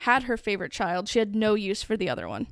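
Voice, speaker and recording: Smooth-voiced woman hosting a podcast. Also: medium pitch, sing-song, fast talker, no room sound, clean studio sound. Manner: chatty, conversational storytelling. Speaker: podcast host. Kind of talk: casual true-crime podcast narration.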